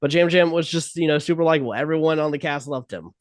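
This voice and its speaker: A man's voice: a little high, fast, dry recording. A man co-hosting a podcast in casual chat, talking loosely with many fillers. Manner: loose, filler-heavy talk. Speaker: podcast co-host.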